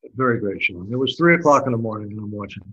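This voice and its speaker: A man's voice: fairly low pitch, animated, very fast, a bit bright, dull audio. An older man from Texas telling rambling, dryly humorous stories as a guest in a casual interview. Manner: rambling, dry humorous storytelling. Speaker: guest musician and storyteller.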